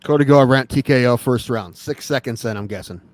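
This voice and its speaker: A man's voice: mid-range voice, brisk, darkish tone, no echo. An American man co-hosting a podcast in casual, laid-back chat, often laughing. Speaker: podcast co-host.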